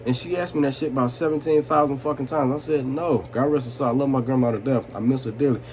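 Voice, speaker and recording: Tipsy guy rambling through a story, lots of cussing and laughing, mid pitch, bit of hiss behind him. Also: fairly even intonation, quick pace, darkish tone. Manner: loose, swearing, laughing, asks "you know what I'm saying". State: tipsy from vodka. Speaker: vlogger telling a story. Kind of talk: drunk storytime, casual and profane.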